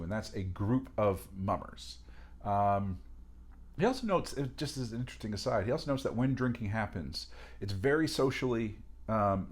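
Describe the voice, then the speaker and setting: Man, on the low side, loosely talks through a reading with chatty asides and restarts. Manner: discursive, many fillers and restarts, animated asides. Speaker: lecturer. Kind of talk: casual spoken lecture on a reading.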